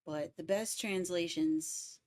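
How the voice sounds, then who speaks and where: A woman's voice: lowish voice, slow pace, a little mellow. A young adult woman chatting casually and emphatically on a music livestream. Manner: opinionated, emphatic about word stress. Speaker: music cover artist streaming.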